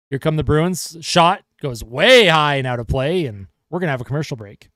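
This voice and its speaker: A man calling hockey play-by-play as a fan livestreamer, excitable and chatty with his viewers. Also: fairly high pitch, normal speed, dry recording, clean studio sound. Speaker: fan commentator livestreaming a game. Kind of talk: casual play-by-play commentary.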